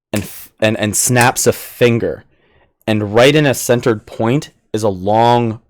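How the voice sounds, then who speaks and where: Male game master, slow and easygoing, narrates monsters and turns. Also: on the low side. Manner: slow, unhurried narration with chuckles.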